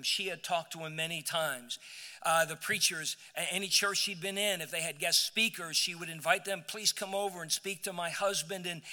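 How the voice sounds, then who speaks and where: Bright-voiced preacher in a church hall. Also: male voice, high-pitched. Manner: storytelling preacher, repeats words, builds to emphatic peaks. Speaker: pastor. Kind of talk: sermon. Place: church sanctuary. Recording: church hall with long reverb.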